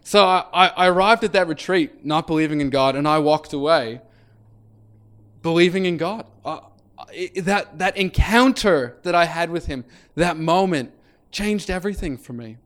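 Guy telling his conversion story, kinda high voice, lots of ums, casual and chatty. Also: normal speed, fairly bright tone. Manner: conversational, many fillers, acts out quoted lines. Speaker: speaker sharing his faith story. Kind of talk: personal testimony storytelling.

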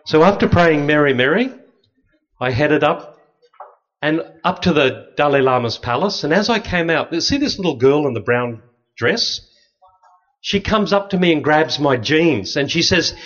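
Lively Australian priest telling stories. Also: male voice, fairly high pitch, moderate pace. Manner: lively, anecdotal, acts out other people's voices. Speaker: Catholic priest. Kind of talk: storytelling talk with slides. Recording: dull, slightly lo-fi sound.

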